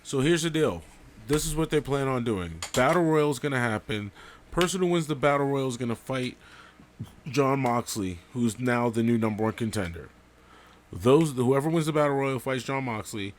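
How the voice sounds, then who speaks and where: A man's voice: mid-range voice, lively intonation, normal speed, a little hiss or hum. A man from New York co-hosting a casual wrestling podcast, joking and laughing often as he talks. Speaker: podcast co-host. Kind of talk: casual chat.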